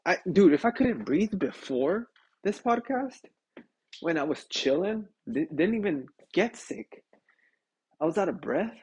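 A man's voice: high voice, measured pace. A young man hosting a podcast, ranting casually with lots of swearing and "dude," sick and short of breath. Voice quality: husky. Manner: profane, animated, says "dude" constantly. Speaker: podcast host.

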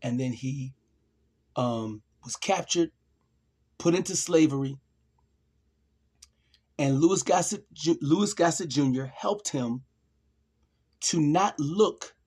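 A tearful man speaks straight to his viewers in an emotional monologue. His voice is husky, and he talks at a very slow pace, stressing and repeating short phrases. He keeps clearing his throat as he pushes on. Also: on the high side, a little mellow. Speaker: vlogger.

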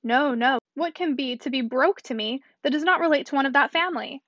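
An anxious young lady presses for answers in a storybook, urgent and commanding, read by a woman. She speaks fast and high. The sound is dull and dry. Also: a bit bright, dry recording. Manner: urgent and demanding.

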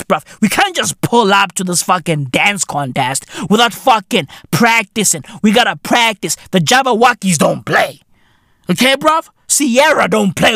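A man voicing a rowdy family of neighbors who loudly defend their dance practice. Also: sits high, dry recording, clean studio sound, heavily acted. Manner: loud, indignant, excited.

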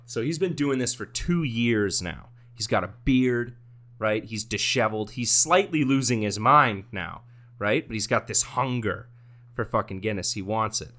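A man co-hosting a podcast, casually telling a long shaggy-dog joke with a slow build and some swearing. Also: on the low side, lively intonation, pushed and bright. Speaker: podcast co-host.

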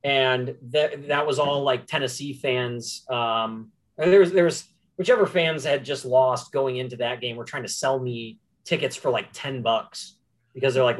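A man's voice: medium pitch, a little slow. Rambling young man on a sports podcast. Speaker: podcast co-host. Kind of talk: casual sports chat.

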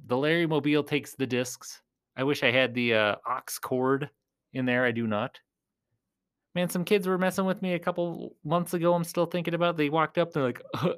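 This collecting-show host speaks as a clown character, chatting loosely and directly to "you guys" watching. His voice leans high, clear and resonant, with a fairly bright tone.

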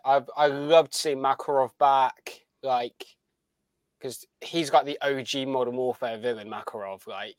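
A man's voice: medium pitch, no echo. A young man chatting casually as a podcast co-host, rambling and enthusiastic with many restarts. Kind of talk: casual chat.

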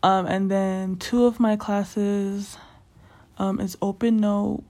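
A young woman talks through her own podcast at an unhurried, drawn-out pace. Her speech wanders from thought to thought, padded with "like" and "um". The tone is loose, personal chat rather than anything scripted. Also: mid-range voice, level tone, warm tone. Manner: rambling, chatty, filler-heavy with frequent "like" and "um". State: slightly out of breath. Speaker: podcast host. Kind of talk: casual solo podcast chat.

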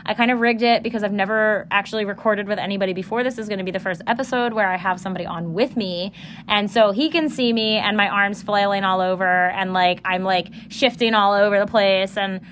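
A young woman with a Philadelphia accent hosting a casual podcast, sassy, swearing and animated, recorded on a phone next to her computer. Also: medium pitch, fairly quick, a little hiss or hum. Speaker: podcast host. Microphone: phone beside computer.

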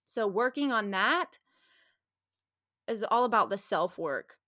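A woman speaking as an interview guest, animated and candid, often restarting sentences and laughing as she talks. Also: medium pitch, takes it slowly, dry recording, studio quality.

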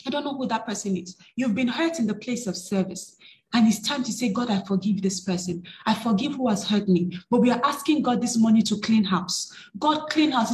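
Woman preaching in an echoey church. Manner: rises to emphatic high bursts, scripture reading. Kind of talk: sermon.

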